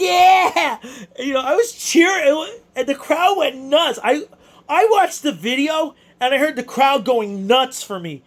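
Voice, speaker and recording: Excitable high-voiced man telling a story. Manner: excitable, emotional, stumbling restarts. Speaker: amateur boxer recounting his fight. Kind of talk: casual storytelling to camera.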